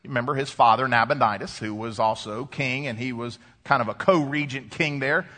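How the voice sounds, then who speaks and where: A man preaching a sermon, expressive and dramatic, reading scripture aloud between his own commentary. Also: mid-range voice, a little fast, hardly any pauses, big-room sound. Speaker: pastor.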